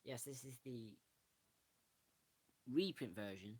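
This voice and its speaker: A man's voice: mid-range voice, slow, slightly rough. A man, casually showing a book on camera and rambling through it with frequent restarts. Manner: rambling, restarts often, self-correcting. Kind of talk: casual show-and-tell.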